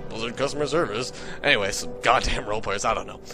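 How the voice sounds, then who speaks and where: A man telling a comic story in an excitable, profane, ranting way. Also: fairly low pitch, quick pace, music in the background. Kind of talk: comedic monologue.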